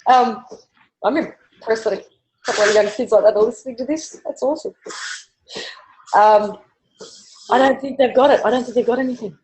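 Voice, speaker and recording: A woman's voice: a little high, normal speed, pauses often, darkish tone, poor audio. A woman co-hosting a live online talk show, speaking bluntly and animatedly, with casual swearing. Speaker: podcast co-host.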